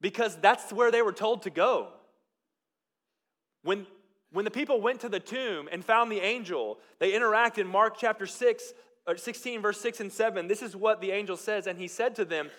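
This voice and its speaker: A man preaching a sermon as pastor, moving between loud, emphatic lines and quiet, hushed ones. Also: sits high, normal speed.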